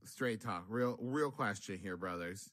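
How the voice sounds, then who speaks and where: A man co-hosting a comedy podcast, asking questions in a mock-serious, deadpan way. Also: lowish voice, unhurried. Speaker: podcast co-host.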